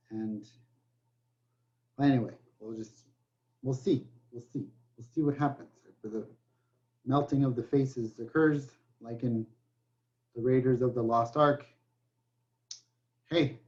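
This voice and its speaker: A man's voice: medium pitch, fairly even intonation, slow, pauses often, dull audio. A man teaching a recorded math lecture, joking in asides and saying okay often. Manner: joking asides, many okays. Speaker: math professor.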